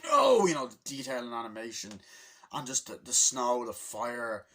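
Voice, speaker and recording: A man's voice: medium pitch, very animated, normal speed, a bit bright, slightly rough. A man giving a casual, rambling movie review recap, enthusiastic and swearing freely as he acts out scenes. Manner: loose and rambling with many fillers.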